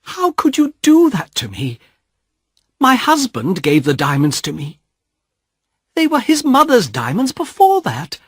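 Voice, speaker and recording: A frightened young woman pleads in a high, swooping voice, as a man puts her on. Her tone rises sharply and falls again, and the delivery is unhurried and a little husky. It sounds like a storybook reading. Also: wildly swooping pitch, no echo, clean studio sound, heavily acted. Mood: pleading.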